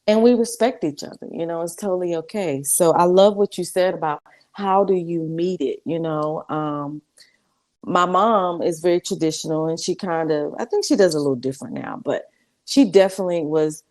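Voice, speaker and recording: A woman speaking as a guest on a video call, candid and animated, acting out quoted voices as she tells things. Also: lowish voice, moderate pace. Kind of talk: casual video-call talk.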